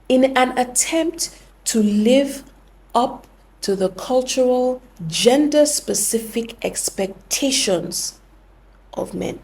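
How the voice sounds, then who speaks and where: A woman's voice: medium pitch, creaky, mellow. A young woman hosting a podcast, explaining things earnestly and often correcting herself mid-sentence. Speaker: podcast host. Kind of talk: reflective podcast talk.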